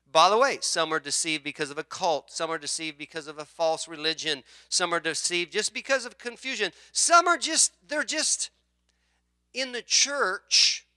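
A middle-aged man, a pastor, preaching a sermon in an animated, conversational way, firing off rhetorical questions. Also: high voice, no echo, clean studio sound.

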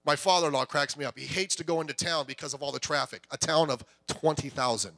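A middle-aged man, a pastor, preaching a conversational, joking sermon with lively delivery. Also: a little high, quick pace, gravelly, few pauses.

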